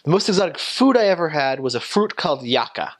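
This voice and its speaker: A man's voice: a little high, sing-song, fast. A young man talking casually about his time as a missionary, rambling and hesitant, with many fillers and restarts. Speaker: returned missionary.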